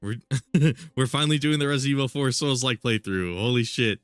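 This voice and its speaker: A young man with a stuffy nose chats through his game stream. His voice is bright and forward, and the sound is close and dry. He rambles casually, piling on fillers and small restarts. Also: mid-range voice, a little fast, clear, resonant tone, dry recording. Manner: rambling, filler-heavy, with frequent laughs. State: congested. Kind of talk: casual live-stream gameplay commentary.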